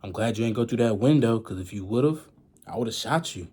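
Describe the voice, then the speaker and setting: A young man doing a stern middle-aged dad, blunt and quietly menacing, husky voice, middle pitch, told in a storytime vlog. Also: lively intonation, a little fast.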